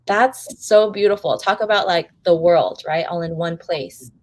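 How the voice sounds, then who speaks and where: A woman's voice: fairly low pitch, unhurried, dry recording. A woman hosting an interview show, talking with effusive, gushing enthusiasm and calling the audience "guys.". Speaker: host.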